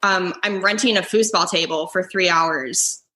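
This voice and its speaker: Young woman guest on a podcast, bright forceful voice, slightly low pitched, says "like" a lot. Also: measured pace. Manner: chatty, lots of "like" fillers. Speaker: comedian and foosball player guest. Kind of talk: casual podcast chat.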